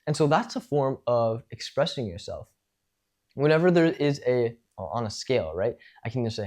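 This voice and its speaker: A man's voice: medium pitch, very animated, moderate pace, a little mellow. A man teaching social skills in a casual spoken lecture, talking things through and demonstrating tones of voice.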